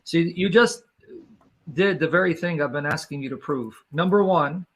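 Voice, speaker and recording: Debate lead: man, fairly high voice, insistent questioner who repeats himself. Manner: pressing, repeats questions, slows others down. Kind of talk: live online debate.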